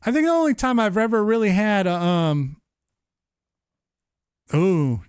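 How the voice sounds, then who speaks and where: A man in his thirties hosting a live-streamed show, chatting casually in an animated, profane, rambling way. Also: sits high, measured pace, clear, resonant tone, no echo, clean studio sound. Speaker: livestream show host.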